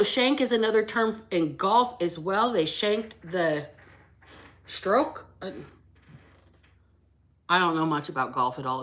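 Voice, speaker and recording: A woman with a medium-pitched, somewhat bright voice hosts a casual tarot reading on her channel. She's brash and chatty, greets her viewers, and swears freely.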